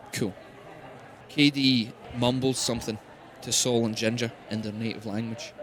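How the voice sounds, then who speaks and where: Chatty game master. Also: male voice, mid-range voice. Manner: casual, chatty, with fillers. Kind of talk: narrating a tabletop game.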